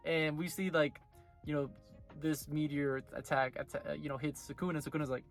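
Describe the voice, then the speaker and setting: A man's voice: a little high, flat delivery, a little fast, creaky, soft background music. A man casually recapping and reviewing an anime episode, rambling with lots of filler words. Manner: rambling, full of "like" and "you know" fillers.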